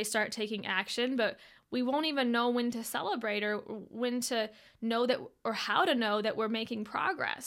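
A young woman coaching a live online training. Her voice sits fairly high, and her delivery is upbeat and friendly. She talks straight to her listeners, step by step. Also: fairly bright tone. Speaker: host.

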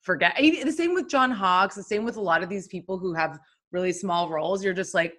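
Bright-voiced giggly woman. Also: fairly low pitch, a little fast. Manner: animated, giggly, blunt jokes. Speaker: podcast co-host. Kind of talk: casual film chat.

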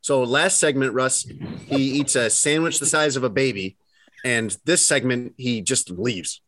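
A man's voice: mid-range voice, a little slow, a bit bright, slight background noise. A man co-hosting a podcast, teasing his friends and making dry puns. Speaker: podcast co-host. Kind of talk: casual podcast banter.

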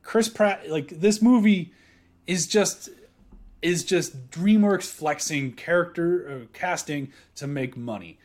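A man co-hosting a casual podcast chat, joking, swearing and talking with animated energy. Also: a little high, takes it slowly. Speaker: podcast co-host.

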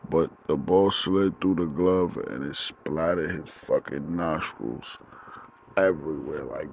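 A man's voice: extremely low pitch, slow pace, vocal fry. A young man hosting his own podcast, telling a story in casual street slang, outdoors with four-wheelers passing. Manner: animated, profane, street slang. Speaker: podcast host. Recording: dull lo-fi, faint outdoor vehicle noise.

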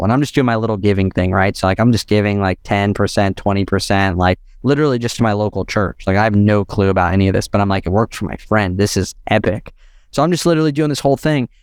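A young adult man telling a long personal story as a podcast guest, animated and quick, peppered with "like" and "literally". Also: lowish voice, clear, resonant tone, dry recording, clean studio sound. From United States. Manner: animated, fast-talking, heavy use of "like" and "literally".

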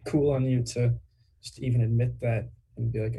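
A man's voice: medium pitch, level tone, moderate pace, vocal fry, warm tone, husky. A young man on a podcast, talking things over in a reflective, rambling way with lots of fillers. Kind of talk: casual podcast chat.

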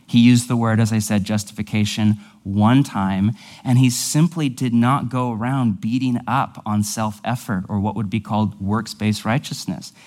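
A man's voice: lowish voice, fairly even intonation, moderate pace, few pauses, darkish tone. A male pastor teaching a sermon in a conversational, explanatory way, with casual asides.

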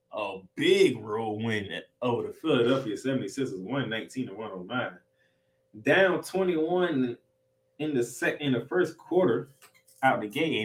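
A male sports podcast host talking alone through recent game results. His delivery is casual and slangy, emphatic and excitable, and he swears freely while restarting sentences as he goes. His voice sits at an ordinary pitch for a man. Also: poor audio. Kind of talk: solo sports recap monologue.

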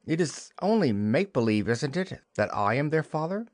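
A man's voice: fairly high pitch, big pitch swings, moderate pace, no room sound, studio quality, voice pushed up. A man voicing a carefree young boy in a storybook reading. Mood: boyish.

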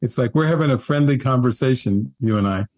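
Gentle, articulate man, dry close sound. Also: mid-range voice, fairly quick, no room sound. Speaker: spiritual teacher, guest. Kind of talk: relaxed spiritual storytelling.

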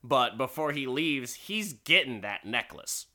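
A man's voice: medium pitch, lively intonation, bright, forceful tone. A man casually recapping a story, swearing freely and laughing at it. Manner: laughs often, swears, slow and wry.

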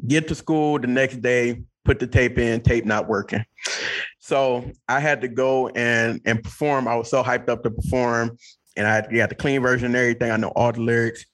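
A man hosting a casual podcast, relaxed and joking, trading stories with his guest. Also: mid-range voice, moderate pace. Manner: relaxed, joking, laughs easily. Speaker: podcast host.

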